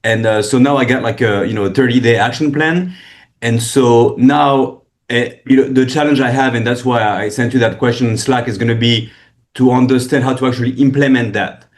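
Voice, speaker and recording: A man's voice: mid-range voice, a little fast. Hesitant man giving a call update. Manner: hesitant, many fillers and restarts. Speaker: real estate agent on a team call. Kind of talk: casual update on a video call. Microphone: video call.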